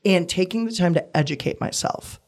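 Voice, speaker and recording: A man in his twenties, a guest talking candidly and reflectively about his past in a relaxed conversation. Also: high-pitched. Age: 20s. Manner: earnest, reflective, measured.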